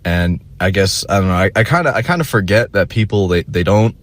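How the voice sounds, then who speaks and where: Here a young vlogger tells a meandering, foul-mouthed story on his own, full of fillers and false starts. His voice is low but lively in intonation, and he talks briskly.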